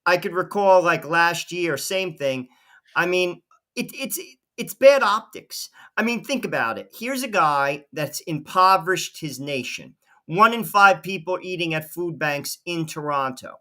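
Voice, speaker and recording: A man's voice: on the high side, animated, unhurried, bright, forceful tone. A man co-hosting a political talk show, critical and prone to restarting sentences. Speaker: co-host.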